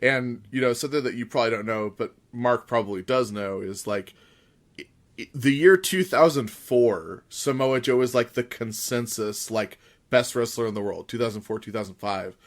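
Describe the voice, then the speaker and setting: A man's voice: medium pitch, moderate pace. A man hosting a podcast, chatty and wry, laughing often. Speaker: podcast host. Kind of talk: casual podcast chat.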